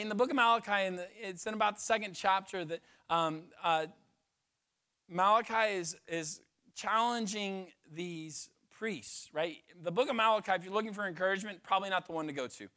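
A male pastor with a high voice delivers a sermon. He talks casually, checking in with "right?" and tossing in light jokes. He lets his points land one at a time. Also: fairly bright tone. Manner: conversational, tagging "right?", joking asides.

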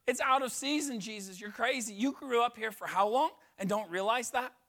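Exasperated disciples, as a man acts them out, pitched up high and incredulous. They sound mocking and loud with disbelief. They play out as a lively scene within a sermon. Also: moderate pace, heavily acted. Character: exasperated disciples scolding their teacher.

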